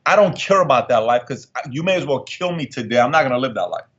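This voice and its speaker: A man's voice: medium pitch, animated, quick pace, a bit bright, lo-fi sound. A middle-aged man, an entrepreneur guest, telling his life story in an emphatic, repetitive way that turns emotional. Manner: emphatic, repeats lines for effect, emotional storyteller. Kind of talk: candid storytelling interview.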